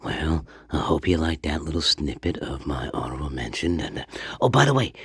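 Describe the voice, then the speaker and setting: A man's voice: rumbling low, very animated, fairly quick, husky, soft background music, heavily acted. A man playing a foul-mouthed ghost radio host who rants, boasts and stammers with profanity. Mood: indignant. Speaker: channel host. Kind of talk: comedic character monologue.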